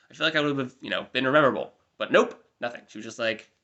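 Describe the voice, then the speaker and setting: A man's voice: medium pitch, animated, racing, bright, forceful tone, muffled recording. A man in his twenties with an American accent, giving a rambling, chatty life update with self-deprecating asides. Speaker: vlogger. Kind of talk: casual diary-style life update.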